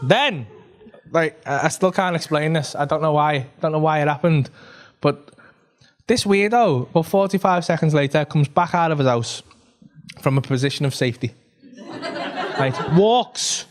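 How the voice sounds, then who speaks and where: A man's voice: on the high side, moderate pace. A man doing stand-up, telling a story with lots of swearing and laughter. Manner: animated, swearing, laughs at his own story. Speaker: stand-up comedian. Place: comedy club stage.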